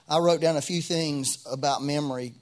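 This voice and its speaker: A man's voice: a little high, steady tone, moderate pace. A middle-aged man preaching a sermon as pastor, in a conversational way with frequent restarts and rising bursts of emphasis.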